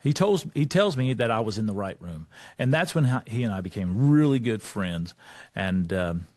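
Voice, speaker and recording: A man delivers a motivational talk at a leadership summit, his voice swinging up and down as he tells a personal story. His pitch sits in a middle range, and the sound is close and dry, with little room around it. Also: sing-song, normal speed, darkish tone, dry recording. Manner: emphatic, rising on key points, storytelling.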